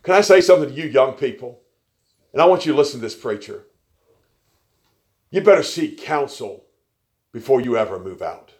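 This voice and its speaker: A man preaching a sermon, telling stories with folksy, joking asides and swinging between quiet remarks and loud emphasis. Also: mid-range voice, expressive, moderate pace, long pauses.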